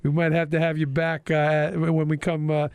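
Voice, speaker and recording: A man's voice: fairly high pitch, completely flat delivery, normal speed, a little mellow, clear, resonant tone, no room sound. A man hosting an interview podcast as a school principal, talking in a friendly, casual way with lots of uh fillers. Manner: friendly, filler-heavy with frequent uh.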